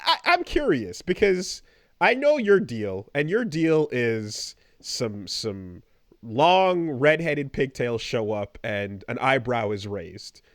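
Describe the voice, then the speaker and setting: A man's voice: mid-range voice, sing-song, slow, dry recording, clean studio sound. A man co-hosting a podcast in casual chat, rambling and hesitant with lots of fillers. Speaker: podcast co-host.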